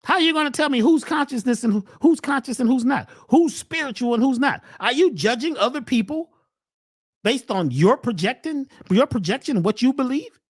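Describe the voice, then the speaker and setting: A man hosting a spiritual health webcast, preaching in a steady run of rhetorical questions. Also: very high-pitched, moderate pace, breathy edge, no room sound, clean studio sound. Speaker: natural health webcast host. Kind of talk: spiritual motivational talk.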